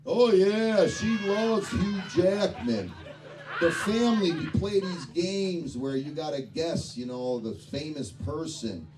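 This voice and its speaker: A man in his fifties with a fairly high, animated voice works through a crude, profane stand-up set slowly, telling rowdy stories on a club stage. Audience laughter fills the background, captured by a distant mic in a noisy club.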